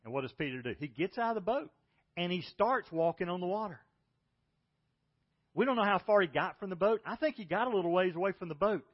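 Male pastor, fairly high voice, storytelling sermon with big volume swings; slightly dull recording. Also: lively intonation, a little fast. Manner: storytelling, swings between loud and hushed.

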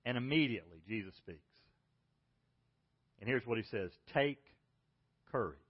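A man preaching a sermon as pastor, telling stories and swinging between loud exclaims and quiet, hushed lines. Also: mid-range voice, expressive, moderate pace, slightly rough, dull audio.

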